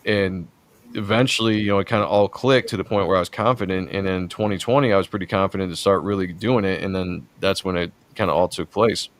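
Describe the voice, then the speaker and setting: A man's voice: low voice, fast. A man, a comic book artist, talking casually and earnestly on a podcast, rambling with lots of fillers.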